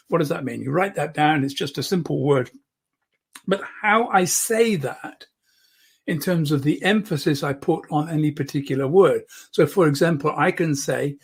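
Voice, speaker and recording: Husky-voiced man coaching public speaking. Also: a little high, lively intonation, normal speed. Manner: demonstrative, often drops to a soft, close voice. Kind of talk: online speaking lesson. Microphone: microphone close to the speaker.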